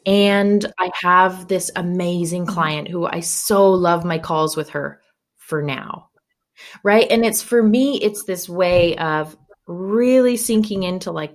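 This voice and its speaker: A woman's voice: fairly low pitch, slow. A woman in her thirties, a podcast guest talking candidly in a chatty way, often laughing. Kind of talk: casual podcast conversation.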